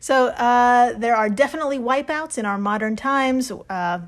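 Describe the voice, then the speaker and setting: A woman's voice: a little high, normal speed. A woman co-hosting a podcast, presenting researched facts in casual chat, laughing and swearing freely. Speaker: podcast co-host.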